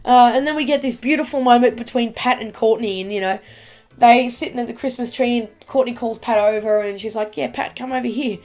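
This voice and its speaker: A woman giving a casual, excitable video review of a TV episode, rambling with lots of fillers. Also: a little high, fairly quick, soft background music. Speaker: YouTube TV reviewer.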